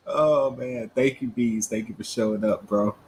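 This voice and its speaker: A man co-hosting a livestream in relaxed, casual chat, laughing often, heard over a streaming video call. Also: mid-range voice, a little hiss or hum, rough recording. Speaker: livestream co-host.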